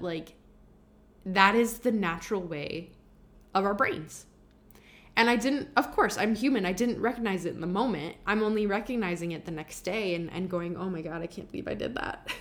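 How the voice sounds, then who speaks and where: Candid woman musing on her podcast. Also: medium pitch. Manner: candid, confessional, rambling with many fillers. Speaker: podcast host. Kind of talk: personal podcast monologue.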